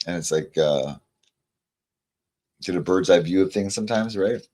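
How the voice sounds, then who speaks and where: A man with a fairly low voice chats casually with his livestream viewers while pulling tarot cards. He rambles, stammers through restarts, and slows down to read each card's message aloud. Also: darkish tone, a little hiss or hum. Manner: reads card messages aloud slowly. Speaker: tarot reader.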